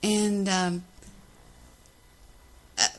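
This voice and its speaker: A woman's voice: medium pitch, little pitch movement, very slow, low-quality recording. A woman hosting her own podcast in a ranting monologue, indignant and defensive, repeating phrases for emphasis. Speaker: podcast host.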